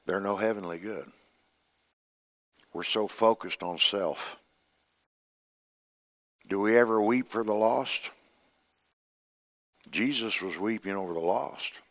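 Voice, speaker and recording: An older man preaching a sermon as pastor, swinging between loud emphasis and hushed, quiet passages. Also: on the low side.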